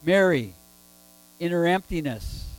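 A man's voice: fairly high pitch, expressive, unhurried, soft background music, low-quality recording. A man preaching a sermon, emphatic and full of rhetorical questions.

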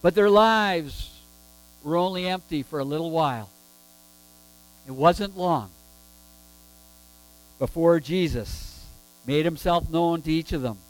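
A man's voice: fairly high pitch, takes it slowly, pauses often, soft background music, low-quality recording. A man preaching a sermon, emphatic and full of rhetorical questions.

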